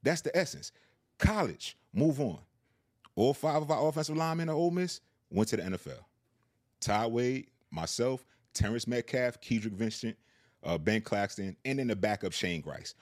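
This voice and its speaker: A man's voice: mid-range voice, animated, moderate pace. A middle-aged man, a former pro football player co-hosting a podcast, arguing his point emphatically with profane, repeated catchphrases. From Queens, New York. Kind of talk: heated sports debate.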